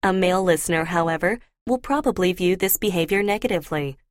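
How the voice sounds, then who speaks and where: Woman giving a measured scripted lecture. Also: on the low side, dry recording, studio quality. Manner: clear, measured explaining. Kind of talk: scripted lecture for a listening test.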